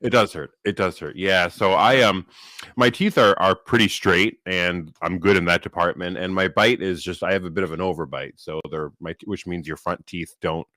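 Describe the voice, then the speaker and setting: A man's voice: deep voice, fairly even intonation, normal speed, bright, forceful tone, no echo. A man co-hosting a podcast in casual chat, talking with a slight lisp from new braces and rambling with restarts. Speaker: podcast co-host.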